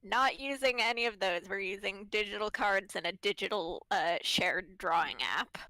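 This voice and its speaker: A woman co-playing on a live stream over an online call, talking slowly and haltingly with fillers and casual swearing. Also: medium pitch, pushed and bright, no room sound. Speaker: co-player and fellow streamer. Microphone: home mic over an online call.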